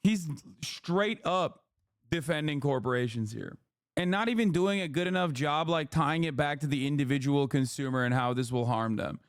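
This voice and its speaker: A man in his thirties riffs on a political clip from his home stream, swearing freely and mocking his opponents. His voice sits high for a man. The recording is dry and close, with almost no room sound. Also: moderate pace, smooth, no room sound. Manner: profane, heated, mocking, mimics opponents in a shouting voice. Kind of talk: casual political commentary stream.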